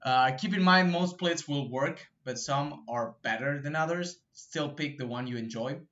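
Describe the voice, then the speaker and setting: Talking to camera at a moderate pace, this man has a fairly high, fairly bright voice recorded with dull audio. He hosts a fitness channel and explains training loosely, swearing and tossing in plenty of fillers and "right?"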